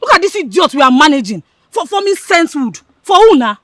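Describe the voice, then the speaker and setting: A woman's voice: high voice, big pitch swings, a little fast, no room sound, clean studio sound. An actress playing a jealous, scheming young village woman who scorns and insults her friends. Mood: scornful. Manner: scornful, insulting, stammers when angry.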